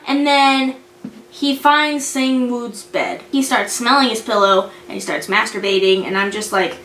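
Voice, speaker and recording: A woman's voice: a little high, steady tone, slow pace, fairly bright tone. A young woman giving a casual spoken anime review in a blunt, profane, exasperated way. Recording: roomy echo, faint noise.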